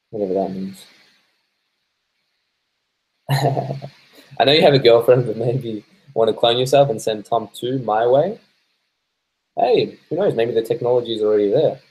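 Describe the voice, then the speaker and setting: A stoned Australian man hosting a casual live stream. His voice sits a little low, and his talk is loose and unhurried. He swears freely and laughs as he reads out viewer comments. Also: darkish tone, rough recording. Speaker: live-stream host reading viewer chat.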